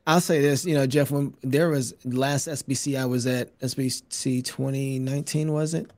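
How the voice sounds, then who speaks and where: A man hosting a podcast in casual chat, animated and laughing often as he restarts his sentences. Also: medium pitch, moderate pace, no echo. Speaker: podcast host.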